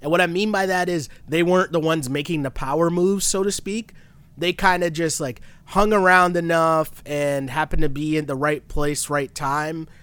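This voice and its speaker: A man co-hosting a podcast in casual chat, animated and exasperated, laughing often. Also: a little high, moderate pace, clear, resonant tone, no room sound. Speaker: podcast co-host. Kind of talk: casual chat recapping a reality show.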